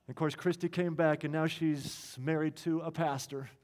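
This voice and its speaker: An earnest male pastor tells a story from the pulpit and slows down to stress its key lines. His voice sits a little high for a man and carries a long hall reverb. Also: steady tone, a little mellow. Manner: earnest, slowing down for emphasis. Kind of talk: sermon storytelling.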